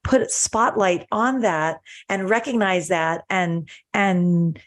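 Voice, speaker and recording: A woman's voice: fairly low pitch, takes it slowly. A woman hosting a podcast in casual chat, earnest and gushing, often restarting her sentences. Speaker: podcast host.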